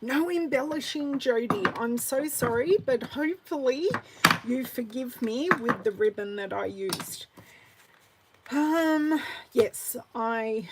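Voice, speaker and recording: Slow, gravelly Australian woman crafter. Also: fairly high pitch, very noisy. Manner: chatty, reads out viewer comments by name; mutters softly to herself while working. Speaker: craft demonstrator. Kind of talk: live card-making class.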